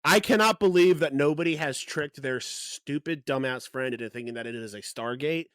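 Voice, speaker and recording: A man's voice: mid-range voice, normal speed, fairly bright tone, smooth, no room sound. A man co-hosting a podcast, chatting casually and laughing as he riffs on jokes. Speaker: podcast co-host. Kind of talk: casual chat.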